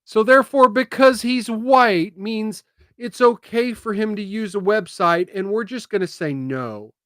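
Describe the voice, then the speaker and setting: A man hosting casual political commentary, talking emphatically and getting emotional, swinging from loud bursts to hushed asides. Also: sits high, a little slow, no room sound, clean studio sound.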